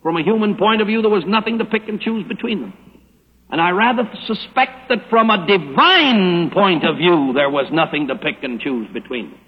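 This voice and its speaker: An older man preaching a sermon, emphatic and slowing down to stress the scripture he quotes. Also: fairly high pitch, breathy edge, phone-quality sound. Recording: hollow old radio broadcast with hall echo.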